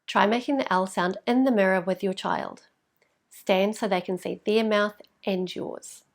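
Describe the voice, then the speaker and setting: A woman speech therapist talks parents through a lesson in a patient, clear way, slowing down to model each sound. Her mid-pitched voice carries a gravelly edge of vocal fry. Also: steady tone. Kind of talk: instructional explanation for parents.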